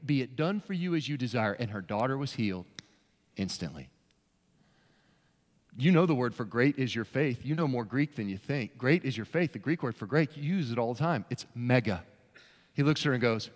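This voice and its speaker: A man with a Southern US accent preaching a sermon in a church, telling a story with animated bursts and shouts. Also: fairly high pitch, moderate pace. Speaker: pastor. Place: large church sanctuary. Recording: long hall reverb.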